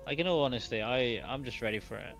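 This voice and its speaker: Brit guy rambling and joking on a gaming stream, music clearly playing behind. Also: medium pitch, a bit bright. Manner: joking, rambling, quick apologies. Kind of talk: casual gaming chat.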